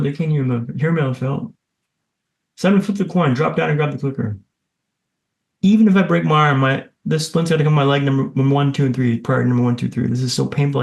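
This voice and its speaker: Gravelly-voiced man telling a gripping story. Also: on the high side, echoey room. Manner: vivid, punchy, self-deprecating humour. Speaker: podcast guest and speaker. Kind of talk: dramatic personal storytelling.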